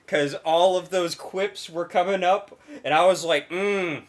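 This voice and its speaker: A man's voice: sits high, fairly even intonation, measured pace. A young man co-hosting a casual podcast, telling a story with lots of laughter and casual swearing. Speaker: podcast co-host.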